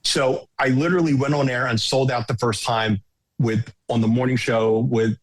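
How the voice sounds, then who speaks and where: A middle-aged man, a home shopping executive, telling lively anecdotes as a podcast guest. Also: medium pitch, moderate pace. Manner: animated anecdote teller, quotes others. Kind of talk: casual storytelling.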